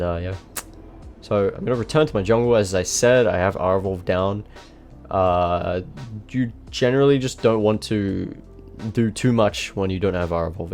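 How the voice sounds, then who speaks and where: A young man giving casual, rambling gameplay commentary, swearing often and restarting his sentences. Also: low voice. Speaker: gaming video creator. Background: faint background music.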